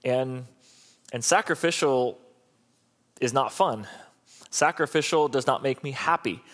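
A man's voice: medium pitch, measured pace, fairly bright tone. A middle-aged man preaching a sermon as a pastor, talking in a conversational, humorous and repetitive way.

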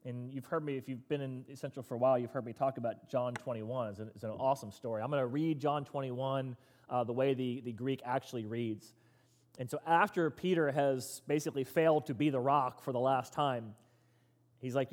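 A man's voice: medium pitch, a little fast. Guy preaching a sermon, acts out the bible folks, lots of hall echo. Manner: animated storytelling, acting out quoted lines. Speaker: pastor. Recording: long reverb of a large hall.

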